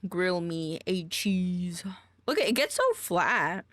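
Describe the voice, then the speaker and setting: A woman's voice: lowish voice, expressive, takes it slowly, fairly bright tone, no room sound. A woman streamer chatting casually, goofy and exclamatory, often swearing and trailing off mid-sentence. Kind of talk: casual live-stream chat.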